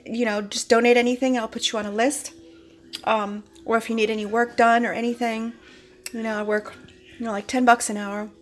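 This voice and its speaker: A woman, a cartoonist, rambling and halting as she casually explains her own political cartoons to viewers. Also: a little high, flat delivery, soft background music.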